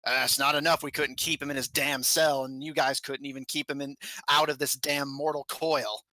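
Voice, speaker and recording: A man voicing a jumpy, gruff male goblin mine warden who talks in a folksy drawl. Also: medium pitch, level tone, moderate pace, bright, forceful tone, no room sound.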